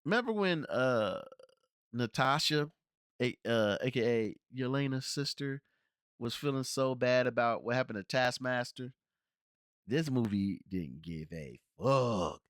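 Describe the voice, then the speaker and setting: A man's voice: medium pitch, a little slow, smooth, no room sound. Guy doing a casual movie review podcast, slangy and rambly, voice jumps around a lot, dry close mic. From Cincinnati area, United States. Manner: animated, rambling, slangy, with many restarts. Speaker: podcast host reviewing films. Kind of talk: casual spoken film review.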